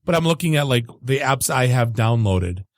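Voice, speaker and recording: A jokey, animated man co-hosts a casual podcast and laughs often. His voice is mid-pitched, recorded close and dry with no room. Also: normal speed, no echo. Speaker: podcast co-host.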